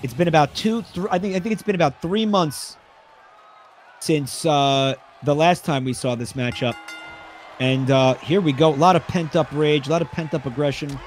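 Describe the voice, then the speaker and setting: A man doing excited play-by-play commentary on a wrestling match, rambling and swearing, bursting into yells. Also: fairly high pitch, normal speed, soft background music.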